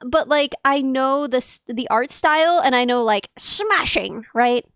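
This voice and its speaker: A young woman hosting a casual stream chat, energetic and laughing, calling people "dude". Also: high-pitched, a little slow, smooth, no echo, studio quality. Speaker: streamer host.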